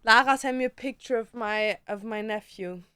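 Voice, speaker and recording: This woman's voice is a little high, pushed and bright yet smooth, captured in a dry recording. Streaming a relaxed chat from home, she baby-talks her cats in a sing-song coo, drags out joking lines, and drops casual swear words between jokes.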